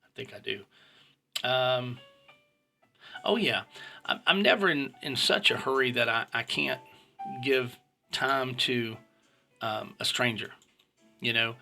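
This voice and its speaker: Blunt vlogger, man in his fifties, gravelly and forceful, casual monologue. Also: mid-range voice, slow pace, long pauses, soft background music. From United States. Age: 50s. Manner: blunt and opinionated.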